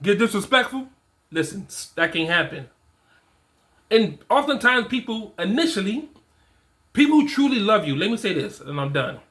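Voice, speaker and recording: Guy with a high bright voice talking straight to the fellas, repeats himself, casual slang. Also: big pitch swings, normal speed. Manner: emphatic and repetitive, casual slang. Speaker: fatherhood and men's coach. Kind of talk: casual motivational talk to men.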